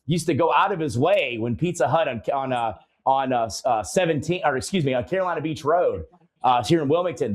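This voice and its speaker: Casting: male talk-show co-host, mid-range voice, lively mock-shocked delivery, easy chuckles. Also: mid-range voice. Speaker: podcast co-host. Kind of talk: casual chat.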